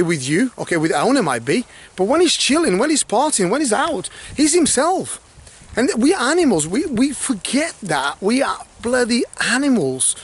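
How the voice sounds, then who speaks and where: Animated, blunt motivational male coach. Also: very high voice. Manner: blunt and swearing, animated, repeats okay; mimics others' worried thoughts in asides. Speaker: life coach. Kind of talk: motivational talk to camera.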